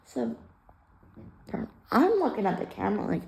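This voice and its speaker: Blunt, gravelly-voiced woman telling her story. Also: mid-range voice, very animated, unhurried, a little mellow, poor audio. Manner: blunt, heated, swears freely. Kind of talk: casual personal storytelling.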